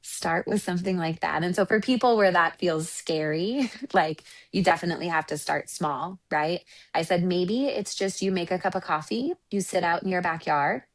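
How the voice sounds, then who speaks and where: A woman's voice: on the low side, moderate pace, few pauses. A woman relationship coach and Reiki practitioner talking earnestly in an interview, often checking in with "right?". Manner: reflective, earnest, often ending points with "right?". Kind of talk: conversational interview storytelling.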